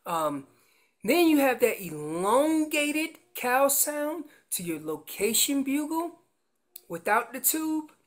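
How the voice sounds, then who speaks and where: Man, guest instructor, elk-calling lesson, step-by-step explanations, emphatic, animated delivery. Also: extremely high pitch, slow pace. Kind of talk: instructional demonstration.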